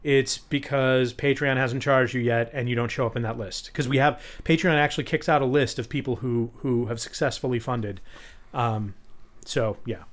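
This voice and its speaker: A man's voice: mid-range voice, steady tone, normal speed. Loose, swearing man co-hosting a podcast. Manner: rambling, swears freely, loose and jokey. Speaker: podcast co-host. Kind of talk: casual chat.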